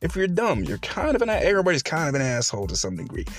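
Hosting his own podcast alone, a man talks very fast in a voice on the high side, swinging hugely in pitch. His rant is blunt and full of profanity, broken by frequent laughter and mocking imitations of quoted voices.

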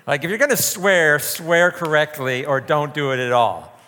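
Man, youth group leader, informal chatty talk, joking storyteller, sharp voice, long hall echo. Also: fairly high pitch, moderate pace.

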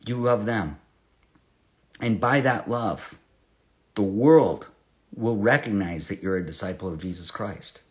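Working verse by verse through a Bible passage, a man with a lowish voice teaches at a measured pace, pausing often. He is impassioned yet conversational, swelling to loud emphasis and then sinking into hushed storytelling.

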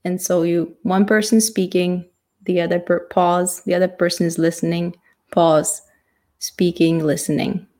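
A woman teaching how to communicate, in a reflective, halting way that thinks aloud. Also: lowish voice, little pitch movement, dark tone. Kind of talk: casual teaching talk.

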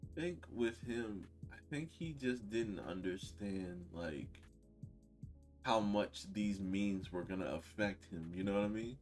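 Man, low voice, casual podcast chat, blunt, loud laughs, quiet muttering asides. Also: expressive, measured pace, faint music behind. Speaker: podcast co-host.

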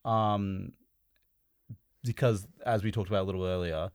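A man's voice: low-pitched, fairly even intonation, normal speed, dry recording, studio quality. A man hosting a podcast in casual chat, rambling with restarts. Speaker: podcast host.

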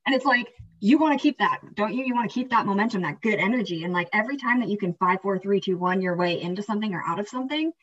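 A woman co-hosting a podcast, talking in an energetic, rambling, motivational way, often tossing in "right?" and "like". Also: medium pitch, fast talker, hardly any pauses, breathy edge. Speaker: podcast co-host. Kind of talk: casual motivational chat. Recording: slightly distant, dull lo-fi sound.

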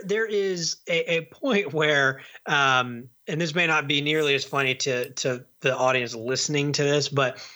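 Male podcast co-host, casual and rambling, a bright and forceful voice. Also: fairly high pitch. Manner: rambling, with many restarts and repeated words. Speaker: podcast co-host reviewing movies. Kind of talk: casual chat.

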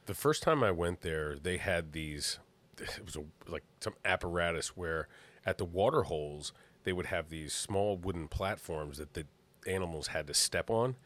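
A man co-hosting a podcast, chatting casually and telling relaxed stories, quick to laugh. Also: low-pitched. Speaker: podcast co-host. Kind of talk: casual chat.

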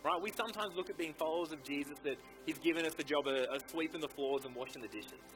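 A man's voice: fairly high pitch, quick pace, over music, rough recording. A male pastor preaching a sermon in a church, fervent and exhorting, urging his listeners on again and again. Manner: fervent, exhorting, repeats "come on".

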